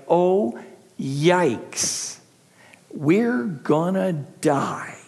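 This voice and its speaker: Lively, slow-paced male preacher in a reverberant hall. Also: very high-pitched. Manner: expressive storytelling with dramatic pauses. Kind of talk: expository sermon.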